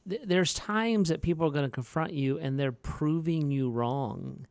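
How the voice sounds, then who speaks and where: A man's voice: normal speed, a little mellow, clear, resonant tone, no echo. A man, a pastor co-hosting a podcast, chatting casually and acting out quotes from his stories. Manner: storytelling, acts out quotes in a higher voice.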